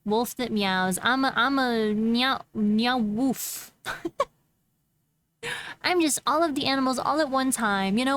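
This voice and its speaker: A woman's voice: high-pitched, slow pace, fairly bright tone, slight background noise. A woman streamer chatting casually on a live stream, playful and giggly, with mock-dramatic complaints.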